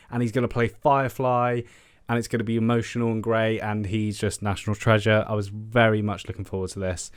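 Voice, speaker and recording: A man's voice: fairly low pitch, level tone, brisk, clean tone, no echo, clean studio sound. Exasperated, swearing man. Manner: exasperated, swears often, repeats himself. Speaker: film news vlogger. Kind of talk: casual ranting commentary.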